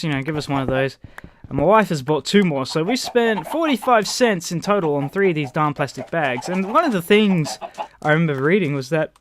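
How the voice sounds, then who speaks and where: Over a noisy background, an Australian man plays a game on YouTube, rambling to his viewers and cursing freely. He even talks to the in-game chickens, his voice a little high.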